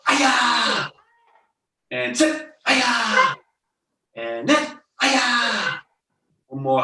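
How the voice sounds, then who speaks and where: A taekwondo instructor leading a belt test over a video call, barking counts and commands and letting out loud yells, recorded in a studio. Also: mid-range voice. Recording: roomy echo, far from the mic.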